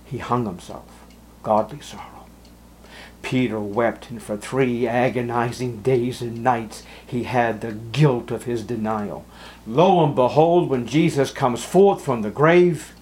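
Give me a male preacher delivering a dramatic sermon at a slow, deliberate pace. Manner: dramatic, acts out Bible scenes with sharp jumps in pitch and volume. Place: church.

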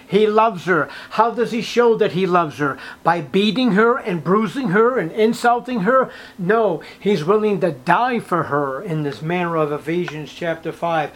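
A man with a high voice preaching a sermon, telling a story with flair. He keeps asking his listeners questions and sinks to a hushed near-whisper to drive a point home. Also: measured pace. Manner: asks the listeners rhetorical questions.

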